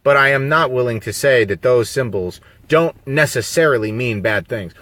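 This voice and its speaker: Speaking at a moderate pace with hardly any pauses, a man of medium pitch and slightly bright tone delivers a loose, emphatic live-stream monologue packed with rhetorical questions. The audio comes from a phone on mobile signal, free of echo.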